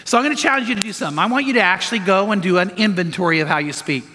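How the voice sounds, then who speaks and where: A pastor races through his sermon in a high, bright, forceful voice, telling stories and pressing listeners with earnest commands he repeats. Long hall reverb fills the recording, along with slight background noise.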